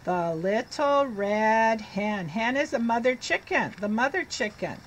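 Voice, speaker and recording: A woman's voice: on the high side, a little hiss or hum. A middle-aged woman teacher reading picture books aloud to a child and asking questions as she goes. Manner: slow, animated, asks the child questions.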